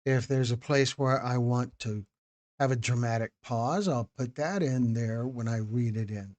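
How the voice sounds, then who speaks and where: A man hosts a live stream after a documentary premiere and speaks casually to his viewers. He addresses people in the chat by name, repeats himself and restarts phrases as he talks. His voice sits at an ordinary middle pitch. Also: a little slow, a little mellow.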